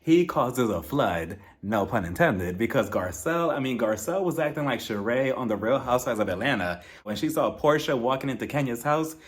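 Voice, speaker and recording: A man giving a casual, gossipy recap of a reality TV episode in a sassy, animated way, laughing often. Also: mid-range voice, a little fast, hardly any pauses.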